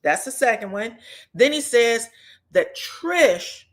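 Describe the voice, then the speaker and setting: A woman's voice: fairly high pitch, lively intonation, slow pace. A woman talking bluntly and with sass in a casual recap, dropping in quoted lines in shifted voices. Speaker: recap commentator.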